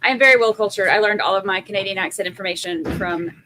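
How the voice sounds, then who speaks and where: A woman's voice: medium pitch, quick pace, background noise. A woman hosting a live trial stream, talking in a chatty, self-mocking way between courtroom segments. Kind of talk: casual live commentary.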